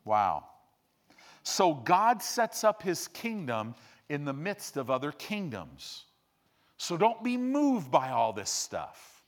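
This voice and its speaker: Animated preacher telling stories. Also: male voice, slow. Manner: animated storyteller, swings between loud bursts and low hushed asides. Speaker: pastor. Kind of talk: sermon storytelling.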